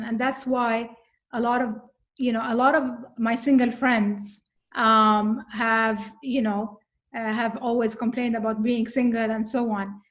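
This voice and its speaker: A woman in casual conversation, talking earnestly and thoughtfully, often pausing on fillers. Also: fairly high pitch. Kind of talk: casual conversation about coping with anxiety.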